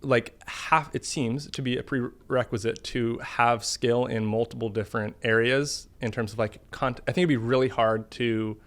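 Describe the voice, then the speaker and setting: A man being interviewed about his art, speaking in a thoughtful, halting way with frequent restarts. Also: medium pitch, fairly even intonation. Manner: thoughtful, halting, self-correcting. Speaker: interview guest, artist. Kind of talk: casual interview.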